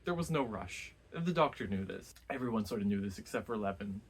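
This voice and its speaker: Low-voiced man rambling about a book. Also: expressive, fairly quick, breathy edge. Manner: rambling retelling with many restarts and "like". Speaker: book reviewer. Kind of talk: casual book discussion.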